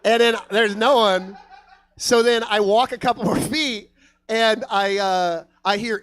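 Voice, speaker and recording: A male comedian working a club stage, his voice pitched high and bouncing all over as he tells his stories. He swears freely and keeps jumping into other people's voices, all through a handheld mic. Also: normal speed. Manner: swearing, animated storytelling, acts out other voices. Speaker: stand-up comedian. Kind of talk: stand-up comedy set. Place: comedy club stage before a live audience.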